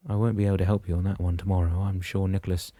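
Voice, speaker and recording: A man's voice: low voice, flat delivery, rapid-fire, warm tone, dry recording. A man doing an amused, joking friend.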